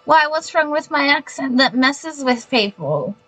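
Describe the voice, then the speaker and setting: Speaking in a high, sing-song voice with a fairly bright tone, this Australian woman takes her time as she plays a video game. She chats casually with live viewers and mutters reactions, over faint background music and poor audio.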